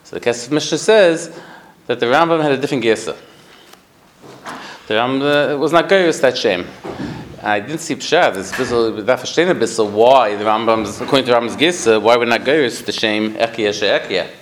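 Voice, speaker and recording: Man teaching a halting Torah class. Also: mid-range voice, slight background noise, rough recording. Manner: halting, with frequent restarts and Yiddish-Hebrew terms. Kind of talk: Talmudic lecture to a study group.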